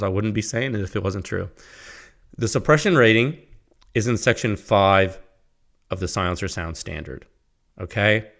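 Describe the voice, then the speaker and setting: A podcast host with a medium-pitched, slightly bright voice chats casually on his solo show. He rambles and laughs at himself while reading his own sponsor plug.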